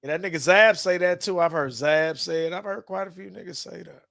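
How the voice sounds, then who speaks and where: A man co-hosting a casual livestream, excitable and quick to jump in, laughing often. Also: sits high, vocal fry, no room sound, studio quality.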